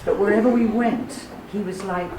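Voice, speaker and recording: A woman's voice: mid-range voice, fairly even intonation, normal speed, mellow, a little hiss or hum. A woman voice teacher leading a workshop, playful and self-deprecating, who breaks into sung vowels as she talks. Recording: echoey room heard from a distance.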